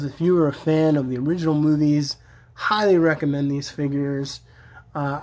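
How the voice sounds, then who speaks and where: In a casual review vlog, a toy collector chats enthusiastically about action figures, using many fillers. The voice is medium in pitch with a darkish tone.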